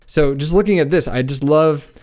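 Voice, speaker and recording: A man giving a casual piano lesson, talking in a relaxed, conversational way and counting beats aloud while he plays. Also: a little high, moderate pace. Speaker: piano teacher. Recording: piano playing loudly behind the voice.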